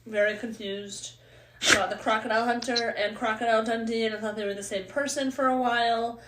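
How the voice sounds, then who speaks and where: A woman's voice: on the high side, fairly even intonation. Teasing woman in an echoey room. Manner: teasing, quick to laugh. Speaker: podcast co-host. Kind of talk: casual chat. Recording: echoey room with loud noise.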